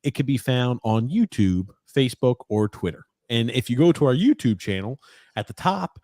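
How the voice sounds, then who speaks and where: Lively-voiced male podcast host. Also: mid-range voice, normal speed, dry recording, clean studio sound. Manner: energetic, chatty, swears casually. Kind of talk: casual podcast chat.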